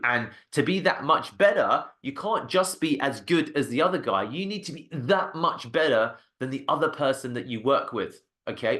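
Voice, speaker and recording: A man's voice: medium pitch, a bit bright. A man, an agency founder, giving an emphatic motivational talk, repeating phrases for stress and checking in with "okay?".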